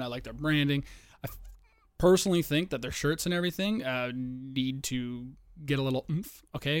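A man's voice: mid-range voice, clean tone, no room sound. A young man hosting a casual solo podcast, rambling and profane, a bit out of breath, and distracted by a game on TV. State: out of breath and sweating. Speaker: podcast host.

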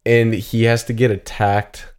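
A man's voice: mid-range voice, little pitch movement, unhurried, darkish tone, smooth. A young man co-hosting a podcast, joking and swearing in playful casual chat. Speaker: podcast co-host.

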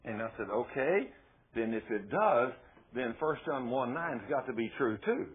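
A man preaching a sermon as a story, folksy and emphatic with sudden loud bursts. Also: mid-range voice, lively intonation, moderate pace. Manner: folksy and emphatic, often rising to loud exclamations. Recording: tinny phone-like sound.

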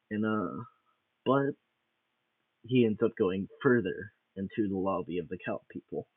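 Man narrating a silly improvised tale, rambling delivery; husky, low voice, dry phone-quality recording. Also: no room sound, far from the mic. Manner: rambling, with restarts and fillers. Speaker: storyteller. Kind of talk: improvised comic storytelling.

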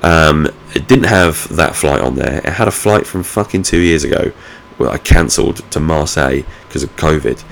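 A man with an extremely deep, gravelly voice, telling a story in a loose, rambling way. His talk is casual and full of swearing, and he pokes fun at himself. A faint hiss of noise sits behind him as he vlogs from home. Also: moderate pace, few pauses. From United Kingdom. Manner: sweary, rambling, self-mocking. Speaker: vlogger. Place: at home, indoors.

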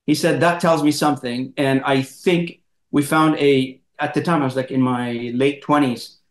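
A man hosting an interview, telling a personal story in a lively, animated way and acting out quotes. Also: mid-range voice, normal speed, echoey room. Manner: animated, laughing storyteller who acts out quotes. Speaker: podcast host, moderator. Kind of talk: casual storytelling in conversation.

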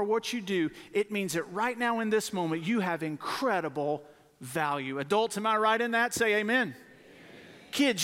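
A man's voice: high voice, pushed and bright, big-room sound. A man preaching to families and children, emphatic, repeating key words and calling for responses. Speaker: pastor. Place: church sanctuary.

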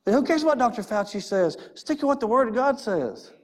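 A man's voice: extremely high pitch, big pitch swings, fairly quick. A man preaching a sermon in a church, emphatic and repetitive, with many rhetorical questions. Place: church sanctuary.

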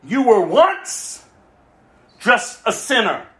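A man preaching a sermon emphatically, with rhetorical questions and swings between loud and hushed. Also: very high-pitched, sing-song, takes it slowly, roomy sound. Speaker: pastor.

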